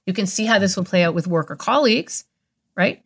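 A woman speaking as a guest expert on a podcast, explaining a calming technique with quick role-play examples. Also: mid-range voice, breathy edge. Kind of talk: conversational interview.

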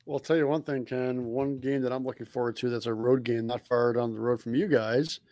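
A man co-hosting a casual fan podcast, chiming in with quick chatty remarks. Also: mid-range voice, fairly even intonation, darkish tone, dry recording. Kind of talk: casual chat.

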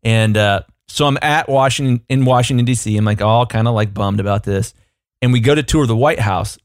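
A man co-hosting a podcast, telling a rambling, animated anecdote in casual chat, full of fillers. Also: medium pitch, brisk, no room sound, clean studio sound. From United States. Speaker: podcast co-host.

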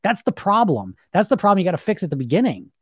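A man's voice: high-pitched, big pitch swings, fast talker, slightly rough, dry recording, studio quality. A man hosting a weight loss podcast, talking casually in a frank, rambling, blunt way with lots of filler words. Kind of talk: casual motivational talk.

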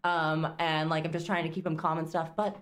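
A woman's voice: sits low, level tone, a little fast. A young woman co-hosting a podcast, telling a long road-trip story in casual chat, rambling with lots of fillers and laughs. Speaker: podcast co-host.

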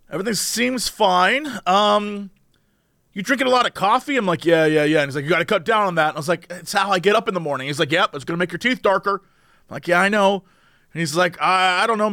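A young man co-hosting a casual podcast, telling comic stories and doing quick impressions of the people he quotes. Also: high-pitched, sharp tone, dry recording, clean studio sound. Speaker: podcast co-host.

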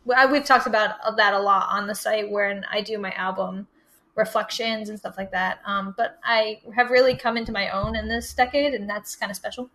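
A woman's voice: medium pitch, steady tone, normal speed, pushed and bright, rough recording. A woman on the phone as a podcast guest, chatting casually and self-deprecatingly. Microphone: phone line.

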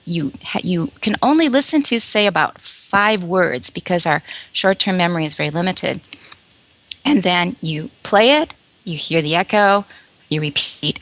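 Explaining a language learning method as an interview guest, a woman who teaches English at university stays patient and demonstrative, repeating short phrases for listeners. She has a lowish, slightly bright voice, and the audio's highs are cut off.

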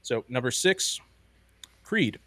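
A man's voice: medium pitch, expressive, slow, a bit bright, dry recording. A man hosting a podcast, chatting casually and enthusiastically about ranking movies, rambling with lots of "like" and "um". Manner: enthusiastic, rambling, heavy use of "like" and "um". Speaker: podcast host.

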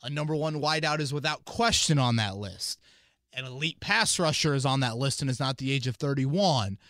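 Rambling, animated sports podcast host. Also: male voice, mid-range voice, normal speed, dry recording, clean studio sound. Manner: animated, rambling, many fillers and restarts. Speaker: podcast host and team analyst. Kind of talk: casual sports talk podcast.

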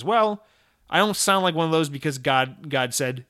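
A man's voice: on the high side, animated, moderate pace, bright, forceful tone, smooth, dry recording, clean studio sound. A young man from Georgia with a plain General American accent, a podcast host answering listener letters in a rambling, sarcastic, profane chat. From Georgia, USA. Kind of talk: casual chat.

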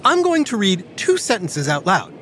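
A woman hosting a playful kids' educational podcast, talking like an animated storyteller. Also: medium pitch, moderate pace, a little hiss or hum. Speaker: host.

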